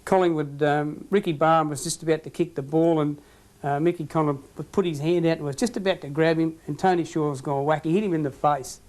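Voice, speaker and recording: An Australian man, a former football umpire, tells stories from the field in an interview. His voice sits a little high, and he often laughs at his own punchlines. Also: steady tone, fast, darkish tone. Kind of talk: storytelling anecdotes in an interview.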